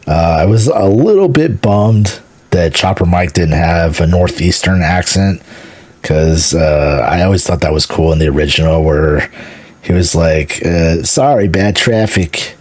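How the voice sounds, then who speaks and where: A deep-voiced man from Houston, Texas, talks through a game trailer as a streamer, eager and rambling, tripping over repeated words and swearing casually. His voice has a husky, grainy edge and sits close and dry with no room sound. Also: a little mellow, dry recording. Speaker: gaming streamer. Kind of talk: casual trailer reaction commentary.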